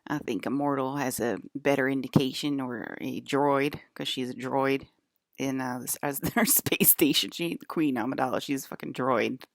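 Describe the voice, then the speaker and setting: A woman's voice: very deep voice, moderate pace, no echo, clean studio sound. A woman vlogging to her camera in a loose, rambling monologue, laughing often and swearing freely.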